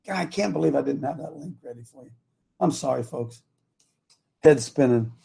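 Man, talk show host, gravelly, husky, rambling, loses his thread. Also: mid-range voice, normal speed, dark tone. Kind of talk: live talk show with prayer.

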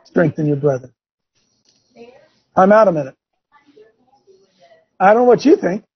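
A man preaches a sermon to a group in a folksy, emphatic way, addressing his listeners directly. His high, expressive, slightly rough voice is unhurried, and the recording sounds dull and lo-fi.

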